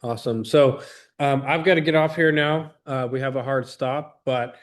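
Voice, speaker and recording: A man in his thirties with a medium-pitched, steady voice at normal speed works as a business trainer. He gives an audience an earnest, rambling motivational talk packed with restarts and acted-out quotes.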